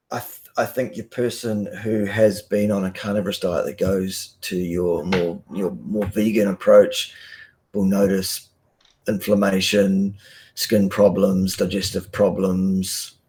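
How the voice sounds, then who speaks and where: Very deep-voiced blunt New man. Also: flat delivery, slow pace, darkish tone. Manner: vehement and blunt, many ums and restarts. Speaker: guest scientist on a live stream. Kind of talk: casual live-stream talk.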